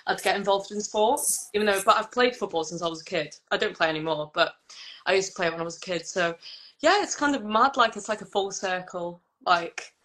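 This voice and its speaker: A woman's voice: medium pitch, a little fast, a bit bright. A nineteen-year-old woman, a singer-songwriter guest, chatting casually and filling her talk with "like". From England. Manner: chatty, fills with "like", laughs often. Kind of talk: casual chat.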